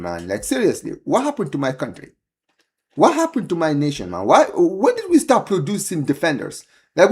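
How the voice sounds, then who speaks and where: Streamer host, male, live match watchalong, excitable fan ranting to chat. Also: a little high. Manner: excitable, pleading, exasperated fan rants; chatty, addresses viewers as guys and bro. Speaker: livestream host. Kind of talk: live football watchalong commentary.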